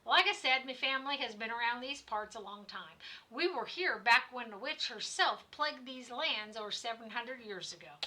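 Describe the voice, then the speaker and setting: Brief: Vincenzo, pompous middle-aged innkeeper who scolds his boy, read aloud by a woman, bright and forceful. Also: on the high side. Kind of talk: reading game dialogue aloud in voices.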